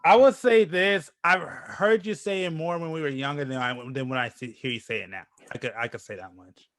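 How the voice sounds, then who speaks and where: A man's voice: a little high, brisk, fairly bright tone. A man co-hosting a podcast, teasing his friend in casual chat. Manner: teasing, laughing ribbing of a friend. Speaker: podcast co-host.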